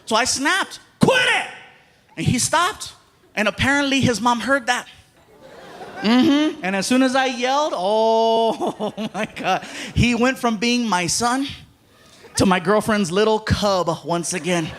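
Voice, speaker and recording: A man telling stand-up stories to a live audience, animated and acting out voices of the people in them. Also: extremely high pitch, measured pace. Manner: animated, acts out voices of kids and adults. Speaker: stand-up comedian. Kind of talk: stand-up storytelling. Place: large comedy venue with live audience. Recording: stage mic, roomy with loud crowd.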